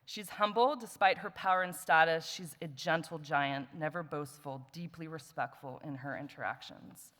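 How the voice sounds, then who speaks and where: A woman's voice: low voice, normal speed, hardly any pauses, fairly bright tone. A woman, a former student, introducing an award winner at a conference with light jokes, reading out lists of qualities one by one. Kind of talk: introduction speech at an award session. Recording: long hall reverb.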